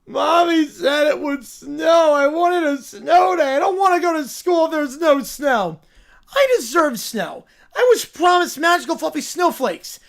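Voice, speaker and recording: A spoiled, petulant child wails and demands in a high, strained voice, dragging out the whining, as a man puts the kid on. The voice has a gravelly edge of fry under the whine. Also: lively intonation, unhurried, fairly bright tone, full character voice. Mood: whiny tantrum. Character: whiny spoiled kids throwing a tantrum.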